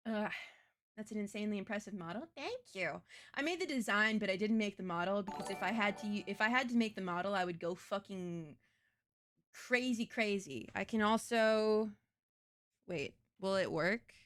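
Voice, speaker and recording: A woman's voice: medium pitch, animated, normal speed, a bit bright. Crude, blunt young woman streamer. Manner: crude, blunt, self-mocking. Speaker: VTuber streamer. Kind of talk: casual live-stream chat.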